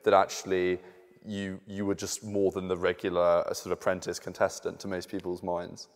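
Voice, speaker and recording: A student interviewer, a man asking questions in a hesitant, halting way. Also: deep voice, completely flat delivery. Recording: long hall reverb.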